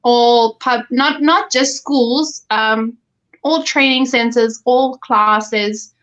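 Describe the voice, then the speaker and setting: A South African woman, a guest on a live stream, telling stories in a lively, chatty way and laughing often. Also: a little high, extremely slow. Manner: animated storyteller, laughs often, acts out quoted dialogue. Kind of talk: casual chat on a live stream. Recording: muffled lo-fi audio.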